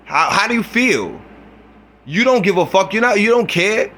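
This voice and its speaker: A man's voice: sits high, animated, moderate pace, pushed and bright. A man recording a reaction video, ranting in a heated, profane way. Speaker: YouTuber.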